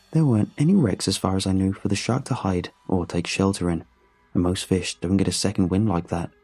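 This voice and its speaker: A man narrating a first-person story in a steady, measured way. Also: low voice, husky.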